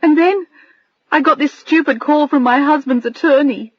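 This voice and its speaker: A woman's voice: high voice, normal speed, no echo, lo-fi sound, voice pushed up. A woman narrator voicing a tearful, overwhelmed young woman whose voice trembles and breaks. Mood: shaken.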